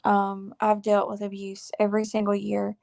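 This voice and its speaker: A woman in her forties giving a heartfelt faith testimony to her viewers, earnest and confiding, halting with fillers and saying y'all, close to tears. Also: medium pitch, monotone, gravelly, a little mellow. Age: 40s. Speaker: faith vlogger.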